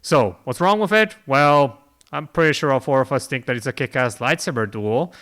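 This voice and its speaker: A man hosting a casual podcast chat. His voice is bright and clean, and he talks loosely, chuckling and restarting as he goes. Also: medium pitch, normal speed. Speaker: podcast host.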